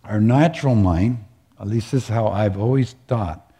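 Guy preaching, dark husky voice, talks it through with the crowd like a chat. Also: fairly low pitch, moderate pace. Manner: conversational and earnest, asks the listeners questions. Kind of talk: conversational sermon.

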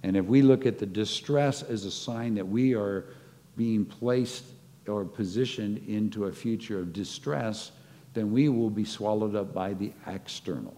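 A man's voice: fairly low pitch, unhurried, mellow. A man preaching a sermon, reflecting on scripture and acting out short stories as he teaches. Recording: long hall reverb.

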